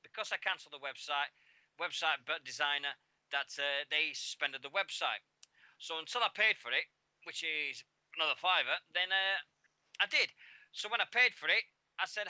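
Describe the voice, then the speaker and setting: A Yorkshire man chatting on a radio show, rambling and joking his way from one story to the next. His voice is fairly high for a man, very bright and smooth, and the studio sound is dry. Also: lively intonation, moderate pace, dry recording. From Yorkshire, England. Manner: chatty, rambling, jokey banter. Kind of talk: casual radio chat.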